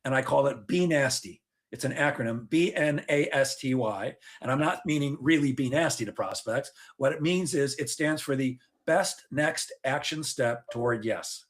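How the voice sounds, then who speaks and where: A man giving sales advice in a conversational interview, animated and joking, acting out sales calls as he tells them. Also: medium pitch, normal speed, hardly any pauses. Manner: joking, facetious asides. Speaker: sales trainer guest.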